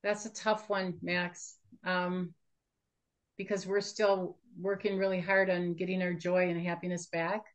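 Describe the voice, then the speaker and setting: A middle-aged woman speaking as an interview guest, soft-spoken and hesitant, pausing to think. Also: fairly low pitch, flat delivery. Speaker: guest, bereaved mother. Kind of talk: casual interview.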